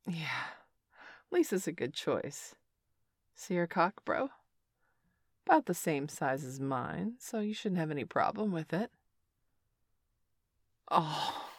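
Slow, low-voiced teasing young woman. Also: creaky, no echo. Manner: teasing and bossy, with sighs and soft murmurs. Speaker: audio role-play performer. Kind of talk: adult audio role-play.

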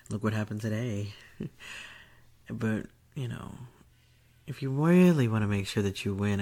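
A woman in a teasing, breathy whispered role-play, taunting the listener. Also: extremely low pitch, mellow. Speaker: erotic audio performer.

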